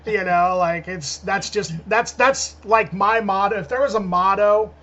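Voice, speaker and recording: A man co-hosts a podcast over an internet call, rambling casually with lots of laughter and restarts. His voice sits high and is a bit bright, steady in tone and unhurried, though the recording is muffled.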